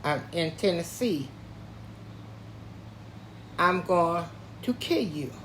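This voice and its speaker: An older man quoting a stern, threatening Southern lawman in his storytelling voice, speaking slowly. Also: fairly high pitch, animated, a bit bright, a little hiss or hum, voice pushed down. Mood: menacing. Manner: curt, menacing commands.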